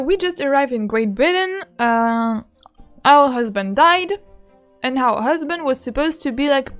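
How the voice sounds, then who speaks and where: A woman streaming a game, chatting casually with a giggly, rambling manner and lots of fillers. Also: high-pitched. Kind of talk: casual gameplay commentary.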